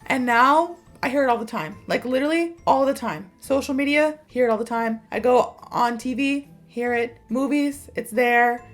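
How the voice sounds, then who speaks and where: A woman in her thirties teaches slang through a chatty personal story, slipping into the voices of the people she quotes. Her voice sits fairly high. Soft music plays faintly under her talk. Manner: chatty, animated, acts out quotes. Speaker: English teacher. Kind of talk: casual storytelling lesson.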